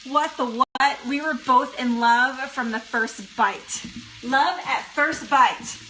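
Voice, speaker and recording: Here the cooking show host speaks slowly in a high, sharp-toned voice, with a little hiss or hum on the recording. Standing at her kitchen stove with a pan sizzling, she stays chatty and bubbly, laughing frequently as she talks to viewers during the live demo.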